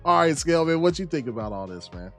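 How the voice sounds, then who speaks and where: A man's voice: fairly high pitch, sing-song, quick pace, fairly bright tone, faint music behind. A man co-hosting a casual gaming podcast, reading news aloud and swearing freely. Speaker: podcast co-host.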